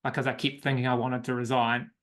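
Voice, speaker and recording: A man's voice: mid-range voice, little pitch movement, fast, a bit bright. A man, a coach, telling his personal story as an interview guest in a reflective, emotional way.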